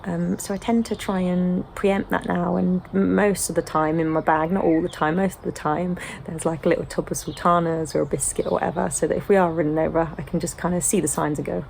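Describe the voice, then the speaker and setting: Gravelly-voiced British mum chatting casually. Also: female voice, fairly low pitch, level tone, a little fast, few pauses, a little hiss or hum. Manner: chatty, frequent ums, gentle. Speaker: home-educating mum. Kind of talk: sit-down casual chat.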